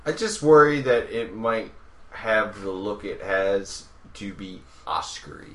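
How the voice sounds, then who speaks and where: A man's voice: fairly low pitch, takes it slowly, fairly bright tone. A man co-hosting a podcast, chatting casually in short, agreeable replies and laughing along. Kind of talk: casual chat. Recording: echoey room, off the mic.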